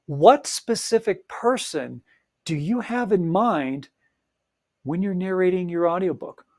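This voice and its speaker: Earnest, slightly high-voiced male coach. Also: expressive, a little slow. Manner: earnest, encouraging, emphatic with frequent fillers. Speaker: podcast host and audiobook coach. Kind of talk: solo podcast coaching monologue.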